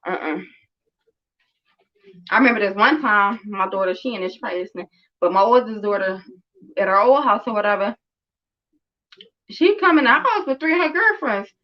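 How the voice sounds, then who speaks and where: A woman's voice: medium pitch, expressive, fairly quick, pauses often, muffled recording. A woman around thirty, a mother and show host, telling a story in casual chat with blunt, emphatic and heavily profane talk. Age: about 30.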